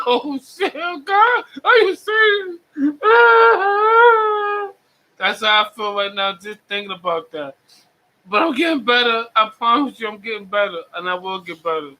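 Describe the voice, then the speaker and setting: High, bright-voiced joking man. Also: slight background noise, poor audio. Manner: slangy, joking and laughing often. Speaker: podcast co-host. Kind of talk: casual chat.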